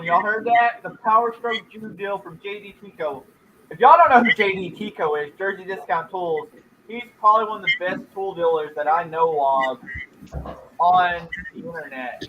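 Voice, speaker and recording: Upbeat host talking to viewers. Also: male voice, high voice, normal speed, lo-fi sound, background noise. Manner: upbeat, addresses viewers as y'all. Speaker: livestream host. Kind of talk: casual livestream hosting.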